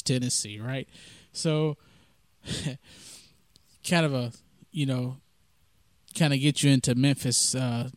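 Southern male podcast host, folksy rambling storyteller, mid-pitched voice, dry close mic. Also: no room sound. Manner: folksy, rambling, with many fillers. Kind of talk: casual storytelling monologue.

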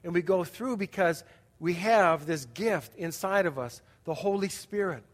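A pastor with a fairly high voice preaches unhurriedly from the pulpit, telling his sermon as a relaxed, conversational story with asides to the congregation. A long reverb fills the large church sanctuary.

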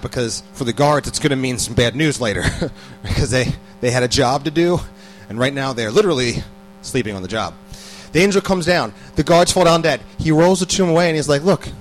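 On poor audio, a medium-pitched man who is an adult parent preaches in an easygoing, conversational way. He repeats words often and keeps posing questions to the people listening.

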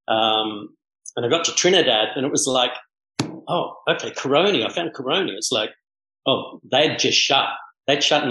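A middle-aged man from Mauritius tells an animated story, acting out each voice as he goes. His pitch sits in the middle range. The recording carries a roomy echo. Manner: animated, acts out dialogue. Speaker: podcast guest. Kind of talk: casual anecdotal storytelling.

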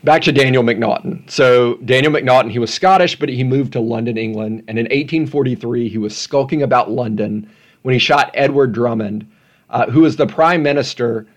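A man's voice: medium pitch, moderate pace. A man hosting a solo podcast at home, talking casually with rambling, self-deprecating asides. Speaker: podcast host.

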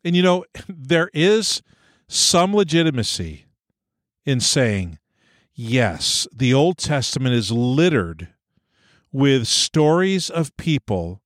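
A man's voice: mid-range voice, no echo, clean studio sound. A man speaking as a pastor in an earnest, searching sermon, reading scripture aloud with rising emphasis.

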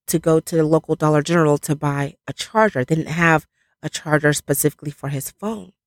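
A woman preaches slowly and earnestly, leaning on each phrase as she calls her listeners family. Her voice cracks with emotion now and then. The sound is close and dry, with no room around it. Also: on the low side, a little mellow, dry recording. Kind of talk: emotional online sermon.

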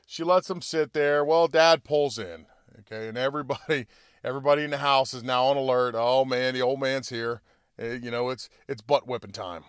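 A man's voice: medium pitch, smooth, dry recording, studio quality. A man hosting his own commentary show, talking casually to listeners and retelling a film scene in a conversational, storytelling way with chuckles and asides. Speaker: political commentary host. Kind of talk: casual monologue.

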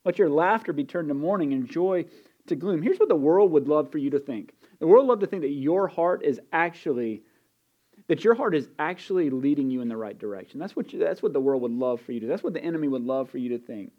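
A man's voice: on the high side, lively intonation, fast talker, muffled recording. A man preaching a sermon in an earnest way, repeating key phrases and building intensity as he goes. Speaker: pastor.

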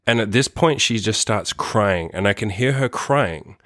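A man's voice: on the low side, lively intonation, a little slow, a bit bright, no room sound, studio quality. A man telling a personal story in a rambling, casual way, swearing often and filling his speech with "like" and "right?". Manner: rambling, profane, heavy use of "like" and "right?".

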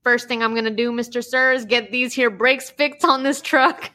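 A woman's voice: on the high side, fairly even intonation, normal speed, pushed and bright. A woman voicing a scrawny male hillbilly with a thick, folksy put-on country drawl. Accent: put-on Southern US country.

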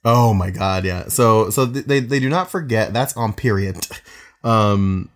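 A man co-hosts a podcast in relaxed, profane conversation. His voice rises and falls widely, and laughter keeps breaking into his stories. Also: lowish voice, unhurried. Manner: laughs often, swears, animated storytelling. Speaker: podcast co-host. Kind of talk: casual chat.

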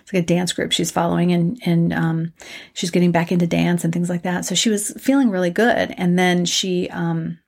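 A middle-aged woman with a low, gravelly voice, chatting on a spiritual vlog. She rambles loosely and often trails into fillers and restarts, keeping it casual and unscripted. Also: flat delivery, moderate pace. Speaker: spiritual vlogger.

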